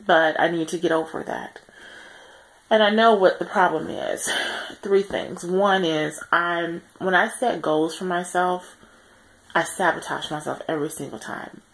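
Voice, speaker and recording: A tired woman speaking earnestly in a personal video diary, pausing often and correcting herself as she reflects. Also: on the low side, fairly even intonation, gravelly, low-quality recording. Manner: reflective and earnest, many pauses and self-corrections. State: tired, yawning. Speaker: vlogger on a weight-loss journey.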